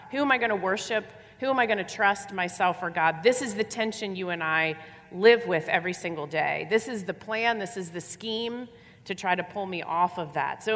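A woman's voice: medium pitch, a bit bright. Woman preaching in a reverberant hall. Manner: emphatic, repeats phrases and asks rhetorical questions. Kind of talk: sermon.

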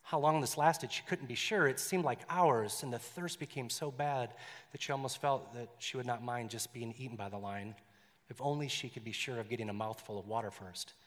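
A man's voice: mid-range voice, brisk, long reverb tail. A male pastor preaching in a conversational way, with joking asides and a story read aloud.

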